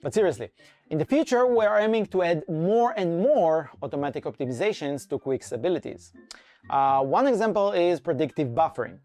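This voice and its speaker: A man delivering a scripted conference talk, full of energy and salesmanship. His pitch swings widely as he pitches ideas, and faint music plays underneath. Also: expressive, a little fast, a little mellow. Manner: enthusiastic, pitching, playful. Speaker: conference speaker and framework core team member.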